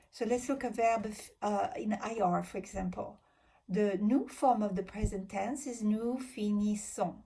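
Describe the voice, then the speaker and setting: A woman's voice: mid-range voice, warm tone, slightly rough. A woman teaching grammar in a recorded lesson, patiently walking through verb endings and spelling them out letter by letter. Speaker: French teacher.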